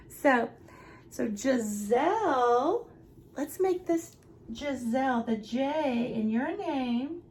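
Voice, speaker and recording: A young woman, a nursery teacher going slowly and encouragingly through a lesson for small children. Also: sits high, a little mellow, a little hiss or hum. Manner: slow, sing-song, encouraging teacher talk.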